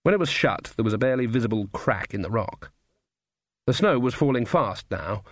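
A man narrating a comic fantasy audiobook in a measured, dry delivery. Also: medium pitch, lively intonation, dry recording. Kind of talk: scripted narration.

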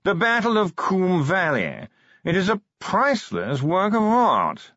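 A man's voice: sits high, wildly swooping pitch, a bit bright, no room sound, muffled recording, voice pushed up, heavily acted. Man doing a posh drawling curator. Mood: fussy drawl. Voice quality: drawling, yawning upper-class speech. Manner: slow, dithering, condescending. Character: posh, fussy male art curator, older. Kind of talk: audiobook character voice.

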